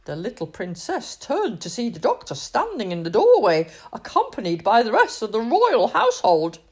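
A woman reading a children's storybook aloud in an expressive, sing-song way. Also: fairly high pitch, moderate pace, slightly rough.

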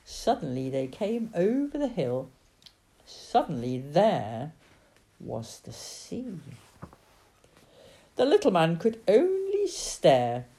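A woman reading a children's storybook aloud in a dramatic, expressive way. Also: on the low side, slow, pauses often. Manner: dramatic, sing-song.

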